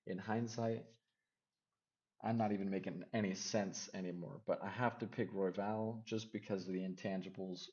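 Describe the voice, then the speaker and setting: A man giving casual MMA fight predictions, rambling and second-guessing himself out loud. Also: deep voice, fairly even intonation, moderate pace, dull audio. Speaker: MMA fight picks vlogger.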